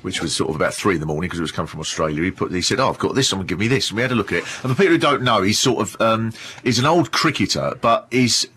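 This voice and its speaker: A man's voice: on the low side, expressive, racing, few pauses, sharp tone, slightly rough. A man in casual radio chat, telling long, rambling anecdotes with lots of laughing.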